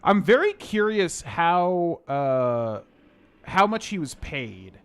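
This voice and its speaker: A man's voice: a little high, very animated, takes it slowly, clean tone. A man casually chatting and rambling while he streams a video game, with plenty of "like" and "um".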